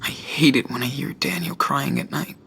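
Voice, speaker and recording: A man's voice: medium pitch, moderate pace, creaky, pushed and bright, a little hiss or hum. An actor playing a worn-out teenage boy looking after his little brother, in a muttered, tired inner monologue for a video game. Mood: weary.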